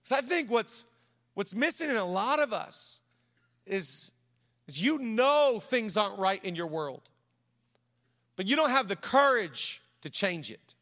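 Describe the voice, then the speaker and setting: A male pastor preaching a sermon, switching between emphatic declarations and a low, hushed storytelling voice. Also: very animated, a little slow, pauses often. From United States. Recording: reverberant hall.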